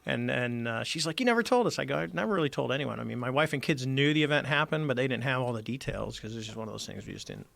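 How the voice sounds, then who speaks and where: Middle-aged man, gravelly voice, dry studio sound, animated storyteller, podcast guest. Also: mid-range voice, fast, hardly any pauses, dry recording. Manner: animated storyteller acting out quoted dialogue. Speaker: podcast guest, former Navy squadron commander. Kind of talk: casual storytelling interview.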